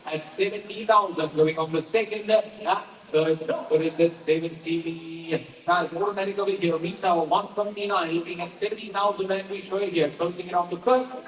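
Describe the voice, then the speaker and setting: Fast-chanting auctioneer, man. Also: high voice, fairly even intonation, slight background noise. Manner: rapid repetitive bid calling. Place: auction hall. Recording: echoey hall from far off.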